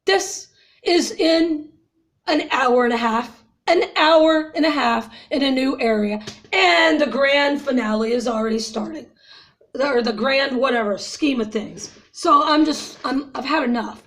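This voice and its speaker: High-voiced woman ranting to viewers. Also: a little slow, fairly bright tone. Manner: agitated, ranting, addresses viewers as y'all. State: upset after crying. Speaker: vlogger. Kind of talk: emotional personal vent to viewers.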